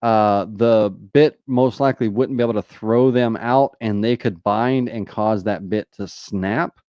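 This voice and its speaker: Lowish Southern man, casual live tutorial. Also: measured pace, a little mellow, clear, resonant tone, dry recording, studio quality. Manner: casual, many fillers like "uh" and "you know". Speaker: host answering viewer questions.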